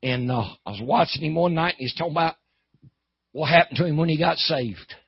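Gravelly preacher, building to a holler. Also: male voice, on the high side, brisk, dry recording. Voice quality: gravelly, husky. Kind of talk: sermon storytelling. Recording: dull, lo-fi.

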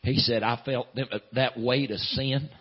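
A man preaching a sermon in a folksy drawl, filling pauses with "uh", swinging from loud preaching to hushed storytelling. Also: mid-range voice, steady tone, slightly rough. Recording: dull lo-fi sound.

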